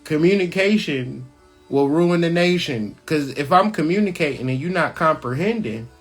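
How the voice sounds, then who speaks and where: A man's voice: a little high, expressive, faint music behind. A man hosting his own channel, giving blunt, profane spiritual commentary on a scripture reading, hammering points home with repetition. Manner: blunt, profane, preaching-style emphasis; repeats phrases for emphasis, slows on key words. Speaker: channel host.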